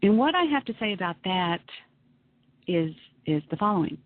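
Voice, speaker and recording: A woman's voice: lowish voice, big pitch swings, normal speed, dry recording. A woman hosting a talk radio show, chatting in an emphatic, ranting monologue. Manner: emphatic, ranting, self-dramatizing. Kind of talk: casual monologue on internet radio. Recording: tinny phone-line radio broadcast.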